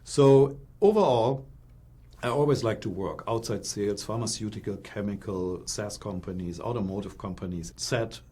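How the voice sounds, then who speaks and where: A middle-aged man from Germany with a German accent, a guest in an interview, telling his story with animated, acted-out quotes. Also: fairly low pitch, normal speed, slight background noise.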